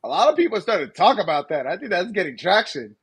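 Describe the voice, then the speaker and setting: A man's voice: high-pitched, sing-song, fast talker, fairly bright tone, breathy edge. A man co-hosting a live podcast in casual chat, laughing often and acting out mocking voices. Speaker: podcast co-host.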